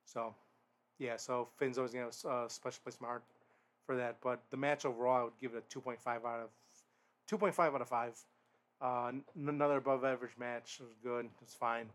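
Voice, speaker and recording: A man's voice: medium pitch, steady tone, fast, fairly bright tone. A man hosting a podcast, giving a casual solo wrestling review in a rambling, blunt way, often restarting his sentences and swearing now and then. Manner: rambling, frequent restarts and fillers. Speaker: podcast host.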